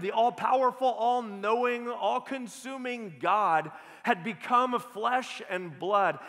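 Man preaching in a big auditorium: bright, forceful tone, earnest, pressing rhetorical questions. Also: high voice, big-room sound. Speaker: pastor. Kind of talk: sermon.

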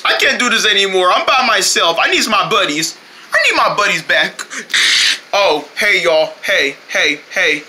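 Bright, animated homemade cartoon performer. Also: medium pitch, normal speed, a little hiss or hum. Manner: exaggerated character voices with sudden shouts and gasps; casual slangy talk. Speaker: amateur performer voicing a homemade kids' channel.

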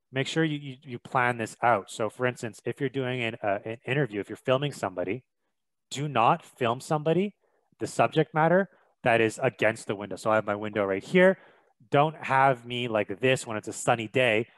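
A man's voice: medium pitch, no echo, low-quality recording. A young man from Canada giving a casual video production lesson, chatty and emphatic with frequent fillers, in a home room by a window. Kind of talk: casual instructional talk.

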